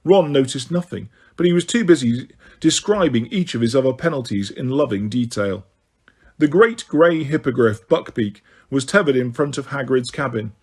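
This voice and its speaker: A man narrating a novel aloud in a steady, even storytelling voice. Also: mid-range voice, moderate pace, breathy edge. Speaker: audiobook reader. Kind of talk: audiobook narration.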